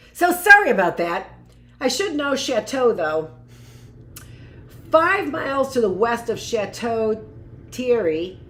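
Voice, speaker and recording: A woman's voice: medium pitch, a little hiss or hum. Woman teacher reading aloud in a roomy space. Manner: reads aloud with chatty asides and self-corrections. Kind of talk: reading a history book aloud to a class.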